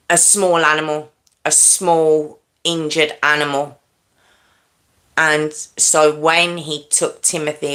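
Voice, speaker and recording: A woman hosting a livestream, casually retelling a true crime story in an earnest, sombre way, with halting restarts and check-ins with her listeners. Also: sits low, sharp tone.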